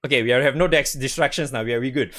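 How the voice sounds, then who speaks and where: A man's voice: medium pitch, fast, a bit bright. A young man chatting casually to his stream audience about games, rambling, swearing freely and laughing often. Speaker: game streamer. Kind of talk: casual gaming stream chat.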